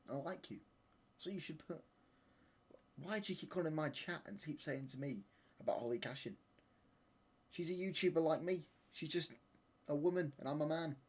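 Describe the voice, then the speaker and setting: A man's voice: mid-range voice, husky. Cheeky young man bantering. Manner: cheeky teasing banter, laughs often, tags lines with mate and pal. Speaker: football watch-along streamer. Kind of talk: live casual chat over a match.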